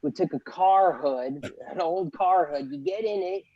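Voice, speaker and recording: A man's voice: a little high, measured pace, highs cut off. A young man in casual chat, telling a story animatedly and acting out quotes, laughing often.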